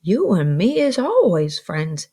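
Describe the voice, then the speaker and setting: A woman doing a slow, earnest, kindly working man. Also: fairly high pitch, very animated, creaky, darkish tone, slightly rough, full character voice. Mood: solemn worried. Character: gentle, simple-hearted grown man, kindly blacksmith.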